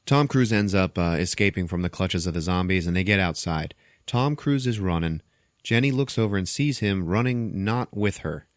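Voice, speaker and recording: A man hosting a podcast, casually retelling a film's plot as an animated, profane storyteller. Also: low-pitched, moderate pace, dry recording, clean studio sound. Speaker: podcast host. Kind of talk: casual movie recap.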